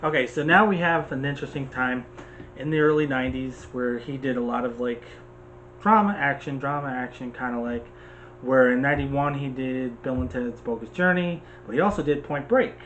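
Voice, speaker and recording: Man, American, casual movie talk, animated, opinionated, faint background hiss. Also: mid-range voice, highs cut off. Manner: animated, opinionated, quick asides. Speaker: podcast co-host.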